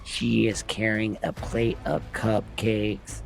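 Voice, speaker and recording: A man's voice: on the low side, level tone, takes it slowly, creaky. A man retelling a film's plot scene by scene in plain recap narration.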